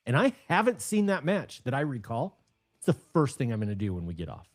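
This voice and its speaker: A man in his thirties co-hosting a casual podcast, an animated storyteller who bursts into excited emphasis. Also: medium pitch, a little fast. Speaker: podcast co-host.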